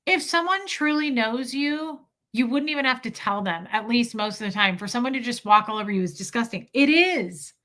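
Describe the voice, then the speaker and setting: A woman with a bright, forward voice pitched a little high. She chats candidly on a livestream, laughing easily and swearing without hesitation while she responds to viewers. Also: lively intonation, brisk, few pauses. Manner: candid and emotional, laughing often, frank with swearing. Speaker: livestream host. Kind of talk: casual livestream chat reading comments.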